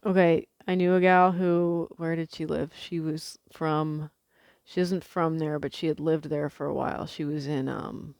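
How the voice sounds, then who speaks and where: Chatty, swearing woman vlogger, low voice. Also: steady tone, unhurried, creaky, darkish tone, no room sound, clean studio sound. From Pacific Northwest. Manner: chatty, swears freely, frequent fillers and restarts. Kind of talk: casual rambling monologue.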